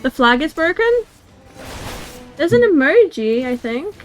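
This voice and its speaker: A woman streaming a video game, chatting casually and reacting out loud, with frequent exclamations and laughs. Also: high-pitched, very animated, a little slow, soft background music. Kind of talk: casual gaming commentary.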